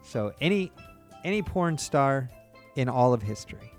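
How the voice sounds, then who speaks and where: A man's voice: medium pitch, animated, normal speed, soft background music. A man hosting a casual podcast interview, teasing his guest with crude jokes. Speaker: podcast host.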